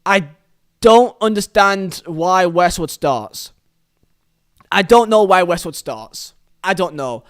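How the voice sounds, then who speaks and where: A man's voice: high-pitched, lively intonation, slow, long pauses. A man hosting a solo football podcast, giving an opinionated review in a rambling way, often restarting his phrases. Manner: earnest, opinionated fan.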